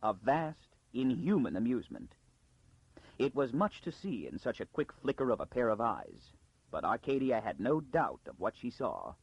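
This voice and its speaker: A man narrating an audiobook in a dramatic storytelling style with a gravelly, husky voice. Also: mid-range voice, sing-song, normal speed, dull audio. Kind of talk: scripted narration.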